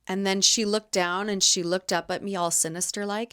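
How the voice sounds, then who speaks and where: A woman in her thirties from Canada, hosting a casual solo podcast and telling lively stories about her market stall. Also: on the low side, fairly quick, few pauses, smooth. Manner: chatty, animated storyteller acting out quotes. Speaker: podcast host and market vendor.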